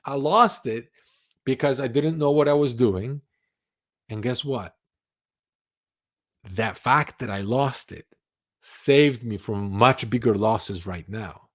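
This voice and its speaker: A man's voice: mid-range voice, slow, pauses often, a bit bright. A man talking to camera as the host of an advice channel, insisting on his points and repeating key phrases. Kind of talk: motivational talk to camera.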